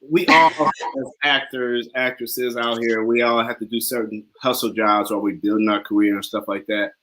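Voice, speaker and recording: A man's voice: medium pitch, fairly even intonation, normal speed, pushed and bright. Upbeat man hosting a casual interview. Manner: upbeat, encouraging, laughs often. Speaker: talk show host.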